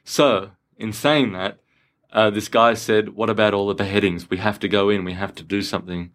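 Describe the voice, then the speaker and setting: Rambling Australian man, lowish voice. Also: fairly even intonation, moderate pace, a bit bright. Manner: rambling, lots of restarts and asides. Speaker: podcast co-host. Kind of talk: casual chat.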